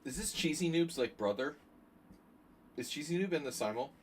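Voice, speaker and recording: A man streaming chess, chatting casually and thinking out loud with joking asides to his viewers. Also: fairly high pitch, expressive, moderate pace, a little hiss or hum. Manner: chatty, thinking aloud, jokey asides to chat. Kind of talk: casual live-stream commentary.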